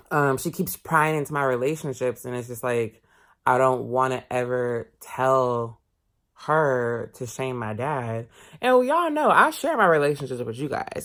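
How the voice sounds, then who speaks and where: A man vlogging a casual storytime, candid and expressive, swearing casually as he talks. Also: mid-range voice.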